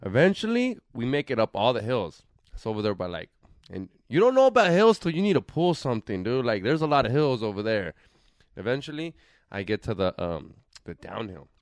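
A young man tells a road story in casual podcast chat. His pitch swings widely as he acts out quoted voices and drops in Spanish slang. The sound is close and dry. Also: sing-song, brisk, no room sound. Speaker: podcast co-host. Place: podcast studio.

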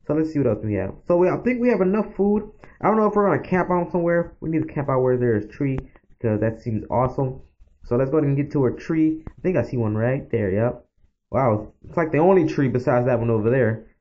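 Quick and animated, this mid-range male voice belongs to a gaming channel host chatting directly to viewers as he plays. He rambles casually throughout, recorded on a dull lo-fi mic with a faint hiss.

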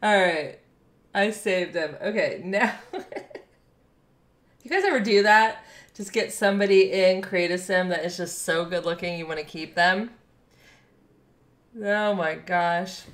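A woman's voice: lowish voice, a little slow, pauses often, echoey room. A woman streaming a game live, chatting with her viewers, thanking them and laughing often. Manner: bubbly, reads and thanks chat, laughs often. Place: home room.

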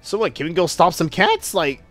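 Brash, profane young gaming host. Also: male voice, high voice, lively intonation, fairly quick, fairly bright tone, soft background music. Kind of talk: game commentary.

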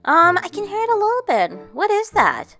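A woman voicing a bossy girl doll friend who scolds quickly. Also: very high voice, huge pitch swings, fairly bright tone, soft background music, full character voice. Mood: scolding.

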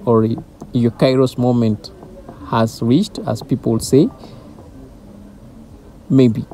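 A man's voice: medium pitch, dark tone, slight background noise. A man giving an informal devotional talk as a Christian teacher, earnest and driving his points home through repetition.

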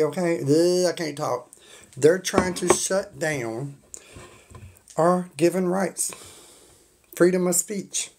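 A woman with a drawl hosts a casual live stream from her phone. Her voice sits slightly low, and she chats loosely while greeting viewers by name. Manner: warm-hearted, greets viewers by name, chatty. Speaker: livestream host. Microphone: phone on a stand.

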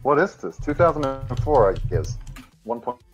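A man's voice: mid-range voice, big pitch swings, moderate pace, lo-fi sound, soft background music. A man in his twenties chatting on a stream who hesitates and stumbles over his words. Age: 20s. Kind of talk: casual stream chat.

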